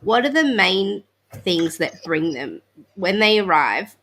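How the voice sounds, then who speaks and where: A woman's voice: medium pitch, big pitch swings, slow, a bit bright. A woman hosting a podcast interview, summing up her guest's work before asking thoughtful questions. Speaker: podcast host.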